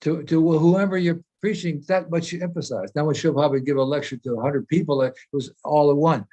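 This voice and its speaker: A man's voice: fairly high pitch, steady tone, quick pace, dark tone, muffled recording. Earnest man explaining spiritual ideas. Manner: earnest, explanatory, repeats phrases while searching for words. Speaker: spiritual teacher. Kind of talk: informal spiritual discussion in a meeting.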